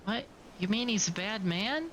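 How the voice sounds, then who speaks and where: Brief: a man playing a worried little village girl, pitched up, game dialogue. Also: lively intonation, normal speed, fairly bright tone, a little hiss or hum, poor audio. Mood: pleading. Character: scared young village girl, earnest. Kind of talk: reading game dialogue aloud.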